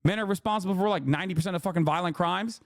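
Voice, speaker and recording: A man's voice: high voice, racing, no room sound, studio quality. Heated, profane streamer man. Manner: heated, profane, lecturing chat. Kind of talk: livestream commentary.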